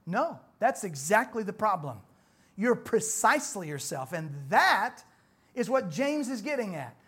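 A man's voice: high voice, sing-song, a little slow, a bit bright, breathy edge. Emphatic preacher man. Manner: emphatic, repeats phrases, rhetorical questions. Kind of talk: sermon.

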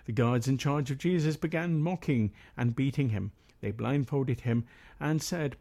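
A man reads scripture aloud at a steady pace, his voice mellow and relaxed. When he speaks in his own words as the meeting's leader, he talks in a loose way with hesitant ums and uhs. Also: medium pitch, moderate pace, gravelly, few pauses. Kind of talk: Bible reading and spoken commentary.

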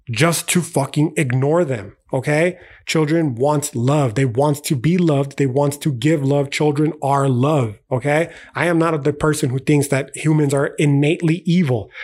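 A man's voice: a little high, darkish tone, slightly rough. Heated, profane young man ranting. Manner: profane, heated, slangy, keeps saying "okay" and "dog". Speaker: podcast host. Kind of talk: casual philosophical rant.

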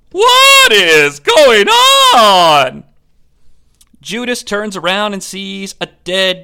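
A man's voice: sits high, gravelly, fairly bright tone. A man hosting a comedic movie recap, narrating in a sarcastic, profane way. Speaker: movie review host.

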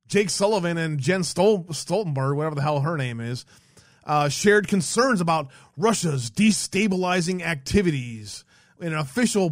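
A man's voice: high-pitched, no room sound, studio quality. A man co-hosting a casual political livestream, reading headlines aloud and mocking them with sarcastic, profane asides. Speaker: podcast co-host.

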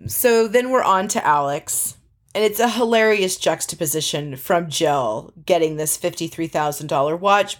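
A woman casually recapping a show, chatty and sarcastic, mimicking the people she quotes. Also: lowish voice. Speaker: podcast host recapping a reality show.

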